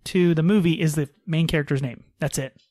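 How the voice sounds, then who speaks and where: A man chatting on a podcast, racing through a story with lots of restarts. His voice sits a little high and the sound is dry and close, with no room around it. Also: no room sound. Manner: animated storyteller, fast, restarts sentences. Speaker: podcast co-host. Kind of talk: casual chat.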